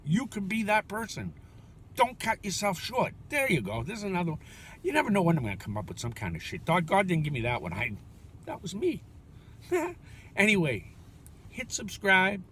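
Casual male vlogger, fairly high pitch, wandering and self-mocking, faint vehicle hum. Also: wildly swooping pitch, moderate pace, fairly bright tone. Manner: chatty, swears casually, self-deprecating. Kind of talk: rambling casual monologue.

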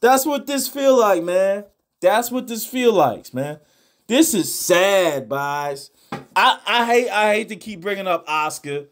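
High-voiced man ranting profanely about boxing. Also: lively intonation, slow. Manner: profane, rambling, repeats himself, swings between mock outrage and laughter. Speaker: host of a boxing news channel. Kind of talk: casual reaction commentary.

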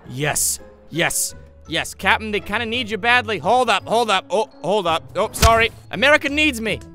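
A young man doing comedic video game commentary, excitable and giggly, with sudden yelps. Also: sits high, moderate pace. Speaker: gaming YouTuber. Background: game music.

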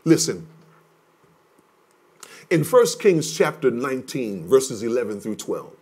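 A male pastor preaching a sermon, emphatic and repetitive, dropping from loud declarations to hushed words. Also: mid-range voice, sing-song, takes it slowly, husky. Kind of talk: livestreamed sermon teaching.

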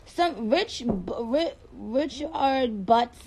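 A woman's voice: a little high, expressive, extremely slow, darkish tone, a little hiss or hum. Sassy New woman on a livestream. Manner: playful, sassy, trash-talking, breaks into accents. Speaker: livestream host. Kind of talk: casual livestream chat. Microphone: phone.

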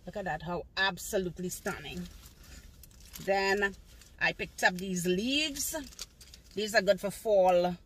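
A woman's voice: mid-range voice, slow pace, pauses often, fairly bright tone, a little hiss or hum. An older woman, a grandmother, showing off her shopping haul in a gushing, repetitive way from her car. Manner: gushing, repeats praise words. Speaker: haul vlogger. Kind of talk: casual haul video, showing items. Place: outdoors in a car on a sunny day.

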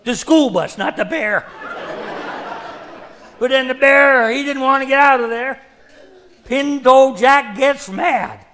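A man's voice: very high voice, takes it slowly, long pauses, pushed and bright, heavily acted. A man on stage playing a rambling hundred-year-old backwoods man who cackles and retells the same yarn in old-timer slang. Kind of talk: one-man stage comedy.

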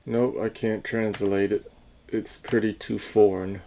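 A man talking casually and haltingly as he reviews a coin, stopping to correct himself. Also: lowish voice, little pitch movement, mellow, a little hiss or hum. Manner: slow, halting, unsure talk with fillers and self-corrections.

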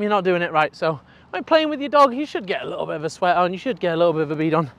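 A young man, a dog trainer explaining his work in an energetic, chatty way with casual swearing. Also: sits high, fast, few pauses, dry recording.

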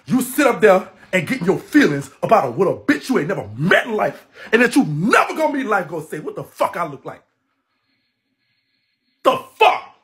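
A livestream host from New Orleans, Louisiana, rants profanely over a phone livestream, brash and loud, laughing and cursing heavily. His voice is high with big pitch swings, and he talks fast with hardly any pauses.

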